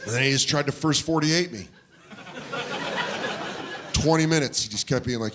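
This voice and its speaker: A man with a medium-pitched voice, speaking at normal speed, does stand-up at a comedy club. He animatedly tells a story and acts out its characters' voices while the live recording captures the audience's noise and laughter.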